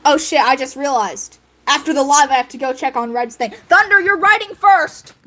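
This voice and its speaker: A young woman livestreaming in casual chat, excitable and laughing, playfully scolding her viewers. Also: sits high, a little fast, rough recording.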